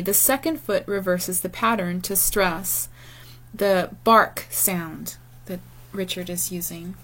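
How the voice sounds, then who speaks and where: A woman giving a recorded lecture over slides, explaining in a measured way with occasional fillers. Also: mid-range voice, a bit bright. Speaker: teacher.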